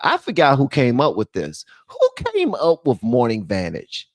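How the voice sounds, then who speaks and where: A male host of a solo commentary show who rants bluntly and profanely. His pitch swings widely, and the sound is dry and close, with no room echo. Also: huge pitch swings, normal speed. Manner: blunt, profane ranting, calling out viewers.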